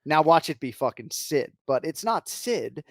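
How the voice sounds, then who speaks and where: Un hombre con acento estadounidense que co-presenta un podcast, charla informal y bromista. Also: male voice, on the high side, a little slow, no room sound. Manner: teasing, lively, joking. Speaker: podcast co-host. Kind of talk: casual podcast banter.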